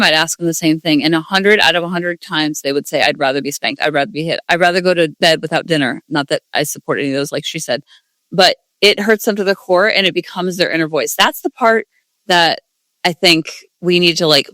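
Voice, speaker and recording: A woman's voice: lowish voice, a bit bright, dry recording. A woman hosting a parenting podcast, talking casually and earnestly, with self-deprecating asides. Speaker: podcast host, parenting coach. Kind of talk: casual solo podcast talk.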